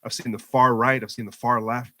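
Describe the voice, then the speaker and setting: A man's voice: medium pitch, level tone, brisk, bright, forceful tone. Impassioned middle-aged man addressing a crowd. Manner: emphatic, rhetorical repetition, rising and falling for emphasis. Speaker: guest speaker at community program. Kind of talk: impassioned public talk to a community audience. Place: mosque event hall.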